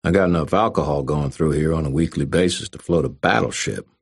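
A man voicing a big, calm rural campus police officer who speaks in a slow drawl. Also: very deep voice, gravelly, breathy edge, dry recording, full character voice. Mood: steady.

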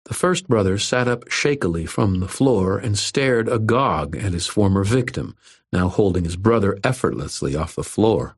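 A man narrates a first-person fantasy story at a steady, measured pace. His voice is very deep with a husky, slightly rough texture. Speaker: audiobook narrator.

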